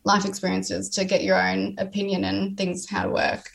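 A woman's voice: medium pitch, completely flat delivery, moderate pace, gravelly, slightly rough. A woman, a guest speaking earnestly and openly in a candid personal conversation, often restarting her sentences. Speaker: interview guest.

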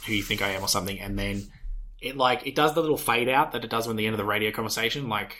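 A man's voice: lowish voice, quick pace, pushed and bright. Chatty man recapping a game. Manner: chatty, explains and recaps eagerly. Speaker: podcast co-host. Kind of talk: casual chat.

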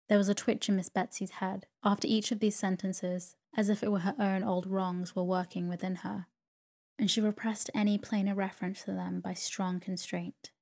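Calm woman reading a sleep story. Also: mid-range voice, normal speed, vocal fry. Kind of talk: bedtime sleep story narration.

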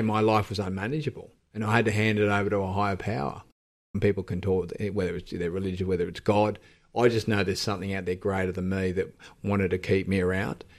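Deep-voiced Australian man, candid and halting. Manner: reflective, halting, with frequent restarts. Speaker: podcast guest. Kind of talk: candid personal storytelling.

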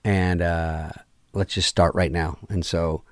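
Deep-voiced man telling a wild story. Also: slow pace, no echo, clean studio sound. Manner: animated, profane, acts out quoted dialogue. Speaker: film director as guest. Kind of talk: casual storytelling interview.

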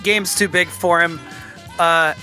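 Man, sports podcast co-host, bright forceful voice, slightly high, dry close mic. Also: takes it slowly, faint music behind. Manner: animated, ranting, frequent restarts. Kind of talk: casual sports talk.

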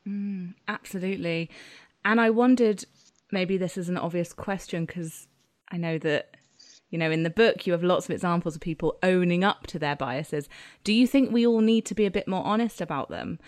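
A woman's voice: lowish voice, moderate pace, dry recording, studio quality. A woman interviewing an author in a chatty, slightly hesitant way with asides. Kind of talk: casual interview chat.

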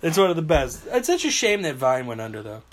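A man hosts a loose, chatty podcast, recorded on a phone. He tells stories with high energy and acts out the reactions. His voice sits high and swings widely in pitch. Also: fast talker, over a noisy crowd. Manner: animated storyteller, acts out reactions and screams. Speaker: podcast host. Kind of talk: casual chat.

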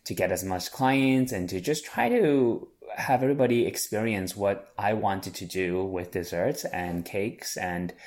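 A man's voice: on the low side, measured pace, hardly any pauses, darkish tone. A man in his thirties, a chef and business owner, answering interview questions earnestly with frequent restarts.

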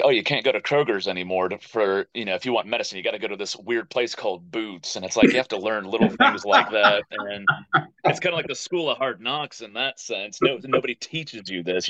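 An American man in his thirties tells stories as a podcast guest. He is animated and likes to act out what other people said. His voice sits fairly low, and the recording is dry and a little dull. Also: no echo. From United States. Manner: animated storyteller who acts out quoted voices. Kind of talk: casual interview storytelling.

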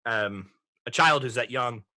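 A man in his thirties hosting a podcast, reflecting in a halting way with many restarts as he talks through a film. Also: mid-range voice, bright, forceful tone, dry recording. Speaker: podcast host. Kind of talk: casual movie discussion.

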